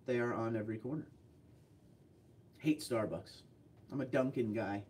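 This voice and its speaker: A man hosting a casual livestream, chatting with viewers and telling rambling stories with quick asides. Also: medium pitch, darkish tone, far from the mic. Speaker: livestream host reading viewer chat.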